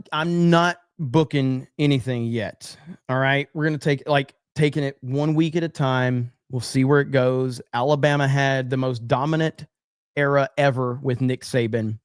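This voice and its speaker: A man's voice: medium pitch, unhurried, clear, resonant tone, dry recording, clean studio sound. A man hosting a livestream podcast, chatting casually, reading donations and trading blunt, profane, mock-angry banter with his chat.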